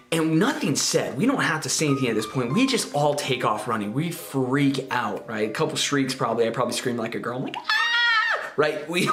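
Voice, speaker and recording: A man in his twenties from Spokane tells a childhood story in a loose, rambling way, repeating himself and checking in with "right?". His pitch moves around a lot, and the sound rings in a roomy space with faint guitar music underneath. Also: a bit bright. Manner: rambling, repeats words, keeps asking "right?". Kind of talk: casual spoken storytelling.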